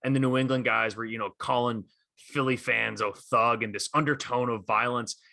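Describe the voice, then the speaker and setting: A man co-hosts a casual sports podcast, talking with eager energy and plenty of "um"s and "you know"s. His voice is bright and forceful. The mic is close and dry, with no room sound. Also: medium pitch, fairly quick, vocal fry, dry recording. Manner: enthusiastic, animated retelling of stories. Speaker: podcast co-host.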